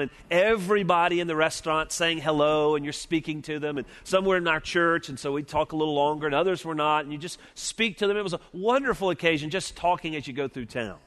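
A middle-aged man with a Southern US accent from Alabama, preaching an earnest, measured sermon that slows and drops quiet on its key points. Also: on the high side. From Mobile, Alabama, US Deep South. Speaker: preacher at a seminary chapel. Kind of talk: sermon with opening prayer. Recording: long reverb of a large chapel.

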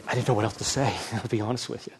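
A middle-aged man, a pastor, preaching a sermon with a personal story, swinging from loud emphasis to soft, hushed telling. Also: mid-range voice, fairly even intonation, racing, slight background noise.

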